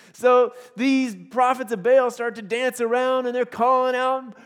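Guy with a high voice giving a sermon, jokey, acts out the lines, laughs a lot. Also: level tone, measured pace, a bit bright, smooth, in a large hall. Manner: playful storytelling, acts out quotes, laughs often. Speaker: pastor.

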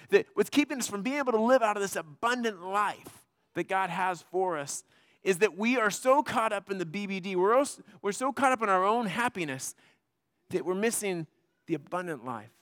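A man's voice: high-pitched, a bit bright, no echo, studio quality. A man preaching a sermon as pastor, telling a personal story in a conversational way with lots of fillers.

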